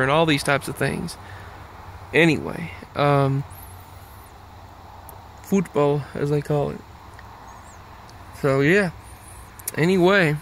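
A man talking on his own in a loose, meandering way, often circling back on his words. His voice sits a little high for a man. Faint noise runs under the recording. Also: unhurried, long pauses, fairly bright tone. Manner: meandering, many fillers and restarts. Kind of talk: casual rambling monologue.

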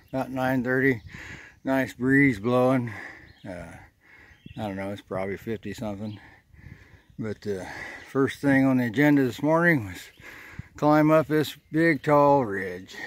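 A man's voice: mid-range voice, no echo. Folksy man vlogging on a hiking trail. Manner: rambling, folksy, thinking aloud. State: out of breath on the climb. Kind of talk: casual vlog narration while hiking. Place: outdoors on a wooded ridge trail.

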